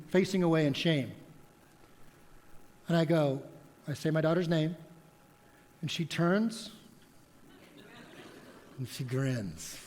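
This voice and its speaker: Male pastor, high voice, lively storytelling sermon, long church reverb. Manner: animated storytelling with props. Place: church sanctuary.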